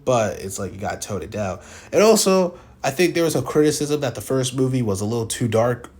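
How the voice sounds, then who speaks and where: A man in the middle of a relaxed film critique, with a voice of middling pitch that swings lively up and down as he gets worked up. He rambles and restarts his thoughts, and he is freely opinionated about what worked and what didn't. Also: a little fast. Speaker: film reviewer. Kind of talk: casual spoken film commentary.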